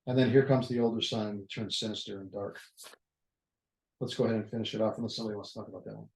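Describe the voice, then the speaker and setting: A man's voice: fairly low pitch, flat delivery, quick pace, gravelly, darkish tone. A man leading a Bible study, talking through the text in a conversational way, thinking aloud and restarting phrases. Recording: echoey room.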